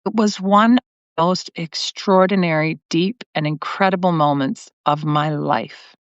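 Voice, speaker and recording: A woman's voice: fairly low pitch, measured pace, no echo. Middle-aged woman host, earnest storyteller who restarts often; dull livestream mic sound. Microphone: computer mic on a live video stream. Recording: dry, slightly muffled stream audio.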